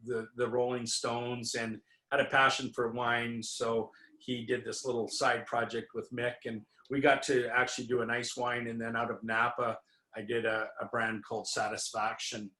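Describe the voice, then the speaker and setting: A man with a medium-pitched, pushed, bright voice and little pitch movement talks at a normal speed. He's a winery owner telling a rambling anecdote as an interview guest, full of fillers and restarts, and the room echoes noticeably.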